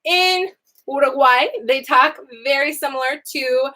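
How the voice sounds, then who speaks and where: A young woman teaching a language lesson in a lively, expressive way, laughing often and jumping up in pitch on example phrases. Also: moderate pace. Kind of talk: animated lesson to camera.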